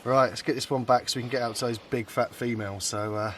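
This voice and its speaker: A man narrating a catch at a lake in the night, jokey and excited, chatting to the fish. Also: mid-range voice, fast, far from the mic, a little hiss or hum. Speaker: angler. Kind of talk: casual vlog narration. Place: lakeside at night, outdoors.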